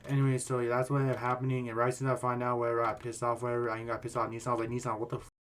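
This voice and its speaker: A man's voice: mid-range voice, monotone, rapid-fire, a bit bright, a little hiss or hum. A man hosting a casual storytime commentary video, rambling and heated, often restarting his sentences. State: voice getting worn out. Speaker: YouTube commentary host.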